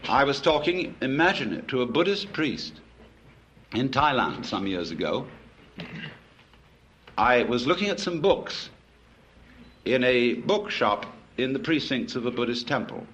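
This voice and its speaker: A man's voice: medium pitch, sing-song, a little slow, pauses often, fairly bright tone. A man giving a public philosophy lecture to a live audience, telling wry anecdotes.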